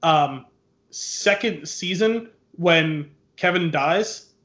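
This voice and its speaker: A man's voice: a little high, drawn-out words, lo-fi sound. Chatty man with a roomy echo. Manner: animated, laughs often, retells scenes. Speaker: podcast host. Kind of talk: casual chat.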